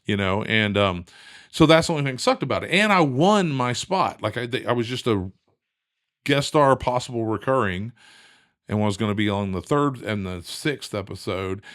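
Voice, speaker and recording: A middle-aged man telling a long story in a lively, casual way, acting out the voices of the people in it. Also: mid-range voice, moderate pace, no room sound, studio quality. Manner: animated, acts out quoted voices. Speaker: guest.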